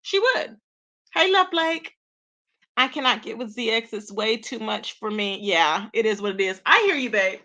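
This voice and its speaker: A woman's voice: high-pitched, sharp tone. A woman hosting a casual gossip livestream who talks to her viewers, greets them by name and calls them babe and child, with features. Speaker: YouTube commentary livestream host.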